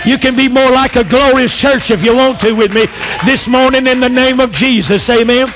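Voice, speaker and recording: High-voiced preacher shouting to his church. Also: fairly even intonation, moderate pace. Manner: impassioned preaching with call-and-response; rising to shouts on repeated phrases. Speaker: pastor. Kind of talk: sermon.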